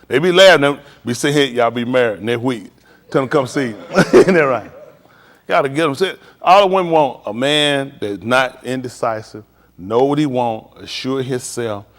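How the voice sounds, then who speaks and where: A man's voice: mid-range voice, a bit bright, in a large hall. A middle-aged man, a preacher, giving casual advice on a live stream, telling stories in vernacular and laughing as he goes.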